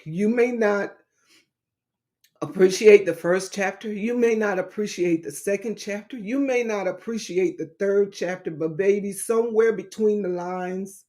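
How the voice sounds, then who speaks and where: A woman talks slowly and deliberately, taking her time between phrases. She has a mid-range voice. She speaks to her listeners with the heartfelt, preacherly warmth of a talk show host. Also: mid-range voice. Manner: slow, preacherly, addresses listeners as baby and saints.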